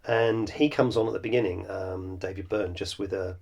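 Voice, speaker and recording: Gravelly rambling male podcaster. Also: deep voice, steady tone, moderate pace, darkish tone. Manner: rambling, self-deprecating, many fillers and restarts. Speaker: podcast host and songwriter. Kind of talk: reflective solo podcast monologue.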